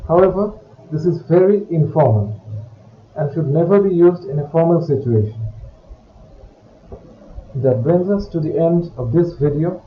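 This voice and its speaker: A man with a slightly high voice explains French grammar step by step, in a careful teaching manner. The sound is dull, with a roomy echo and faint background hiss. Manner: slow, careful, explanatory delivery. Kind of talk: recorded grammar lesson.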